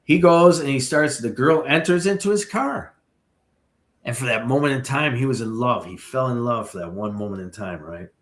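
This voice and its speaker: A man tells a ghost story as a podcast guest, animated and full of asides to the listener. His voice sits in a middle pitch. The recording has a noticeable room echo. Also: normal speed. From Chicago area. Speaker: paranormal tour guide, guest.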